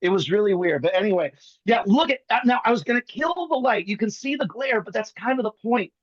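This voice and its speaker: High-voiced man riffing comically on a video call. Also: lively intonation, no echo, lo-fi sound. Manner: rapid comic riffing with bits of mimicry. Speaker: guest magician.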